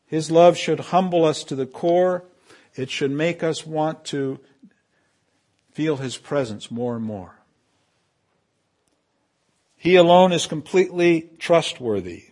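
Emphatic preaching man, lively delivery. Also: fairly high pitch, slow pace, pauses often. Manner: emphatic preaching, swelling loud on key phrases and dropping to asides; leads congregation in call and response. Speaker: pastor. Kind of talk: sermon.

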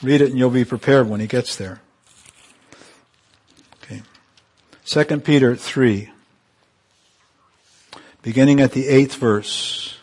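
A man preaching a sermon, calling on the congregation for amens and swinging from emphatic peaks to soft, quiet asides. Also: medium pitch, takes it slowly, long pauses, breathy edge. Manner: call-and-response, rising to emphatic peaks then dropping soft.

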